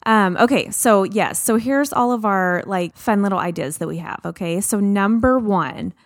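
A woman in her thirties co-hosting a podcast, talking in an animated, playful way. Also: medium pitch, no room sound, studio quality. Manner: animated, playful, quick to exclaim. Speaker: podcast co-host. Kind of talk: casual chat.

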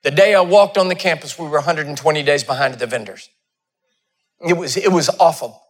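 Male pastor, high voice, dramatic sermon delivery with sudden loud and quiet moments. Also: brisk. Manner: dramatic storytelling, swings between loud peaks and hushed asides.

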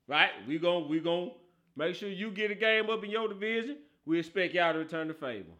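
A man hosting a casual football podcast, talking in animated, slangy banter and laughing often. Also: high-pitched, fairly quick. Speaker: podcast host. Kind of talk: casual football talk show.

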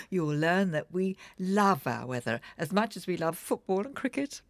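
An actress playing a vain older film star, dramatic and gushing, swinging between sharp and tender. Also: female voice, lowish voice, lively intonation, measured pace, no room sound.

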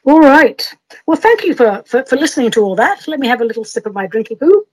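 A woman's voice: high-pitched, very animated, quick pace, a little mellow, dry recording, rough recording. A woman hosting her own podcast, talking in a whimsical, self-mocking way and reading silly rhyming verse. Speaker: podcast host. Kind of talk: playful podcast monologue and comic verse reading.

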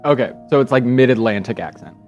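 A man chats as a tabletop player. His voice sits at a middle pitch, and he sounds lively and playful. Faint music runs behind. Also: fast, highs cut off. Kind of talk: casual tabletop play.

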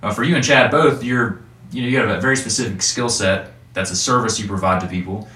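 Fast, bright man in echoey room. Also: fairly low pitch. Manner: quick, joking, animated. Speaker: podcast co-host. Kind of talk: casual interview chat. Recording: distant mic in echoey room.

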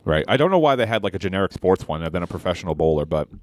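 A man co-hosting a comedy podcast, telling a halting, rambling story in casual chat. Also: low-pitched, very animated, no echo. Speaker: podcast co-host.

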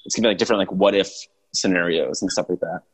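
A young man chatting casually, relaxed and rambling, chuckling now and then. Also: low voice, rapid-fire, breathy edge, rough recording. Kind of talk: casual chat.

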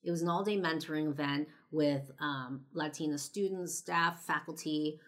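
A woman's voice: low-pitched, moderate pace. Chatty young woman telling a story. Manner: chatty, frequent "like" fillers, casual swearing. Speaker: podcast and video host. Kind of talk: casual personal storytelling monologue.

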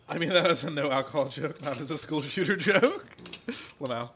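A man's voice: a little high, expressive, moderate pace, fairly bright tone, a little hiss or hum. A young man co-hosting a casual podcast stream, swearing freely and laughing mid-sentence. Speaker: podcast co-host. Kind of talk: casual chat.

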